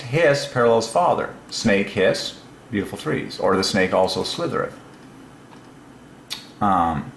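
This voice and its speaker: A man hosting his own channel, talking alone in a casual, excited way, musing aloud and laughing to himself, recorded on a lapel mic. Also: sits low, creaky, roomy sound, slight background noise, poor audio. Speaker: religious channel host. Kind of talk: solo casual commentary.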